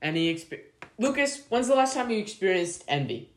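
Give me an excitable podcast co-host in casual chat, swinging up and down a lot. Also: medium pitch, moderate pace. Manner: loose, excitable, swears freely.

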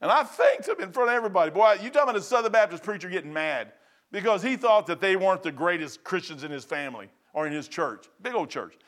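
High-voiced folksy preacher man. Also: animated, fast, a bit bright. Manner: folksy, conversational preaching with asides. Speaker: pastor. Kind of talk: sermon.

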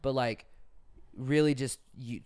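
A man's voice: mid-range voice, fairly even intonation, takes it slowly, darkish tone, clear, resonant tone. A young man hosting a casual podcast, telling earnest stories peppered with swearing. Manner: earnest, profane storytelling. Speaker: podcast host.

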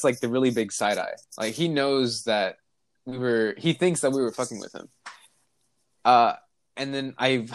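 A man's voice: medium pitch, dry recording. Young man telling a story, dry sound. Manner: animated, laughs while telling stories, acts out voices. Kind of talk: casual storytelling chat.

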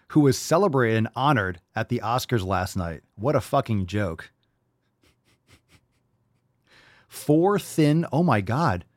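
A man rants sarcastically as a podcast host, mocking and swearing, jumping from loud outbursts to low muttering. His pitch swings widely as he talks. The recording is dry and close to the mic. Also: dry recording. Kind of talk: sarcastic commentary reacting to a read-out article.

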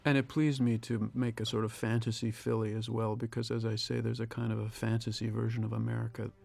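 A man, a film director, giving a reflective audio commentary, thinking aloud with pauses and restarts. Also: mid-range voice, flat delivery, creaky, a little mellow.

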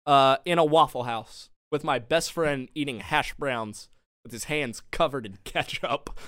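A man's voice: medium pitch, unhurried, a bit bright, dry recording, clean studio sound. A young man hosting a podcast, telling a long story in casual chat and laughing often. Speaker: podcast co-host. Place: home studio.

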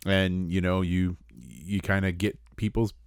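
Deep-voiced man co-hosting a podcast. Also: a little slow, creaky, clear, resonant tone, no room sound, studio quality. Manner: easygoing, laughs at his own jokes. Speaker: podcast co-host. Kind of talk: casual chat.

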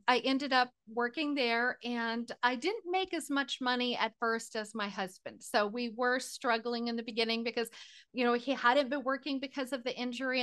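A middle-aged woman, a podcast guest, telling her personal story in an animated, emotional way, close to tears at times. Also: fairly high pitch, clear, resonant tone.

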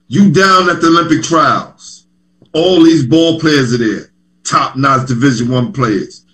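Bright-voiced male podcast host. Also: mid-range voice, unhurried. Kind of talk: casual interview.

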